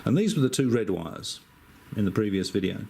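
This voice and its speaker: A man's voice: fairly low pitch, brisk, gravelly, a little hiss or hum. Chatty Australian man explaining circuits. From Western Australia. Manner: relaxed, chatty, with frequent hesitations and dry asides. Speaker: amateur radio operator. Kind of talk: casual technical explanation.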